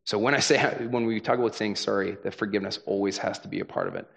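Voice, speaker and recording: A man's voice: lowish voice, steady tone, fast, gravelly. A young adult man preaching a sermon as a pastor, talking in a conversational, earnest way with frequent "right?" asides.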